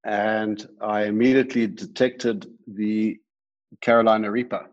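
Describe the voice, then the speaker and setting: A man's voice: fairly low pitch, flat delivery. A man telling an amused anecdote as a guest. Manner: amused, unhurried storyteller. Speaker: guest, sauce maker. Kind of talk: storytelling anecdote. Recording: dull lo-fi remote audio.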